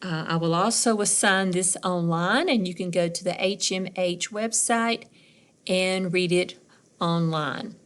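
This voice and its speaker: A woman's voice: on the low side, unhurried, clean tone. A middle-aged woman teacher giving a recorded reading lesson for young children, patiently sounding out words.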